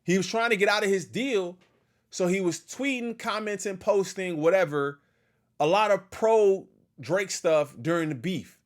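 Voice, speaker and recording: A man hosting a casual reaction stream, talking back to a video and shouting out his chat. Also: sits high, measured pace. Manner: animated, talks back to the video and thanks chat.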